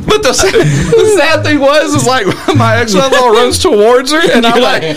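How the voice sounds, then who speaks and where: A man's voice: very high voice, animated, normal speed. A man co-hosting a podcast, telling stories in casual chat and laughing his way through them. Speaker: podcast co-host.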